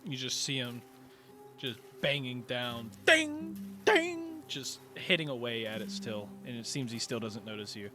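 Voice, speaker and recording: A man narrating a tabletop game as its game master, wandering through his descriptions with frequent restarts. His pitch sits at a plain middle. The delivery stays loose and casual. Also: steady tone, normal speed, pushed and bright, soft background music. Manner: rambling, many fillers and restarts.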